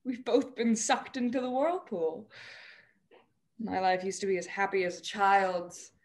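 A young woman playing a troubled young actress in a stage drama over a video call, emotional and often dropping to a hushed near-whisper. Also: mid-range voice, a little slow, natural voice. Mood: weary. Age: young adult. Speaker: student actor. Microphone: video call microphone.

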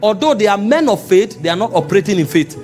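At a church meeting, a Nigerian man preaches fast in a voice unusually high for a man. His sermon is lively and animated, often rising to shouts, with soft music faintly behind him.

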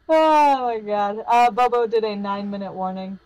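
A woman's voice: mid-range voice, a little mellow, poor audio. A woman co-hosting a game stream, teasing her partner and laughing often. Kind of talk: casual game stream chat.

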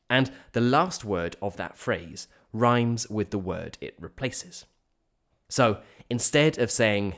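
A man hosting an English-learning podcast, reading a clear scripted explanation and slowing down on examples. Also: lowish voice. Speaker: podcast host teaching English. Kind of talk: scripted educational narration.

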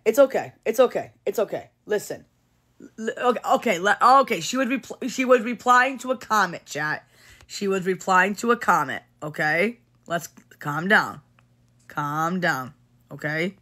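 Her mid-range voice is expressive, unhurried and fairly bright as she addresses her livestream chat. In a casual, earnest manner she encourages viewers to ignore online hate, saying things repeatedly and adding "okay?" to reassure them.

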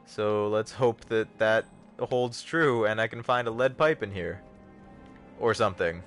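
A young man hosting a livestream, giving casual, jokey gameplay commentary with sudden excited yelps. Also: lowish voice, measured pace, faint music behind. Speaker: livestream host.

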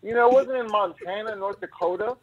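A man's voice: high voice, fairly quick. A man in casual live-stream chat, rambling and piling up examples as he talks. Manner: chatty, rambling, piles up examples. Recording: tinny phone line.

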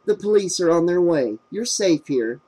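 A man voicing a kindly older woman neighbor who speaks softly to comfort someone. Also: sits high, expressive, normal speed, breathy edge. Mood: soothing. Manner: soft and comforting.

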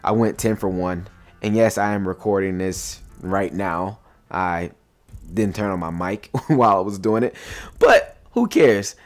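A man's voice: low-pitched, a little slow. A young man hosting his own gaming channel, telling a match story in slangy, laughing commentary. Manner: animated storytelling with frequent laughs; slangy and excitable.

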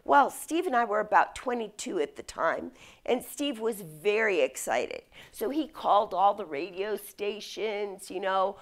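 Lively storytelling woman with gravelly edge. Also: a little high. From United States. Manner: storytelling, animated. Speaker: speaker. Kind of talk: leadership lecture.

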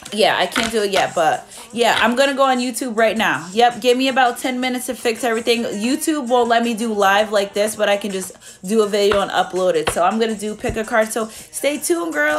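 A woman's voice: on the high side, background noise. A young woman giving a casual live tarot reading, chatty and blunt, swearing freely as she talks to her viewers. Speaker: tarot reader.

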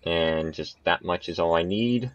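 A man's voice: low voice, a little slow. A young man giving casual, chatty commentary on his own gameplay, laughing at his missed shots. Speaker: gaming channel host. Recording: muffled, dry home recording.

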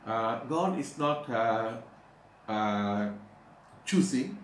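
A man preaching a sermon, pausing often with "uh" and slowing down to stress scripture verses. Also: medium pitch, animated. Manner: halting, with frequent "uh" pauses. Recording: echoey room, faint background noise.

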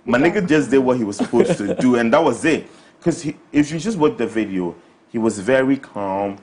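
A man's voice: medium pitch, animated, fairly quick, darkish tone. Chatty man hosting. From Ghana. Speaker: host. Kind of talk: casual panel chat.

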